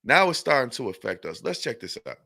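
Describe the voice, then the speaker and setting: A male podcast host with a gravelly, bright voice that swings up and down a lot. He rambles through the news in a loose, profane style. He keeps tacking "man" onto his sentences. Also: mid-range voice, very animated, brisk. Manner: acts out an angry exchange in a raised voice.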